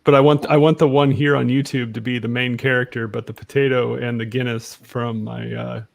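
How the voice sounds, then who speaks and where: A man's voice: mid-range voice, flat delivery, brisk, creaky. A man in a casual group chat, opinionated and rambling, restarting his sentences. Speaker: chat guest.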